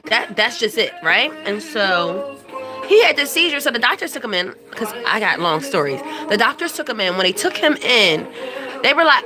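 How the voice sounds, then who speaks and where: A woman's voice: medium pitch, big pitch swings, normal speed, music in the background. An older woman vlogging at home, telling stories to the camera in a chatty, dramatic way and acting out what people said. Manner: dramatic, chatty, acts out quotes. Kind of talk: casual storytelling to camera. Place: home living room.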